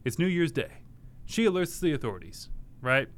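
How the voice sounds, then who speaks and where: A man's voice: fairly high pitch, sing-song, moderate pace. A man co-hosting a podcast, telling a story in casual, joking chat and laughing often. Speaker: podcast co-host.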